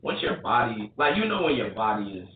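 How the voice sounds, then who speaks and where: A professional boxer on a podcast, soft-spoken and laid-back in casual chat. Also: male voice, lowish voice, big pitch swings, fairly quick, a little hiss or hum. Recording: echoey room, tinny lo-fi sound from far.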